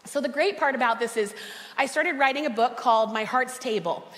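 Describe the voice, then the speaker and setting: A woman speaker and cookbook author telling personal stories to a conference audience, lively and acting out the voices of people she quotes. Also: on the high side, fairly quick. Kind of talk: personal motivational talk to an audience. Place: large conference hall. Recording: long reverb of a large hall.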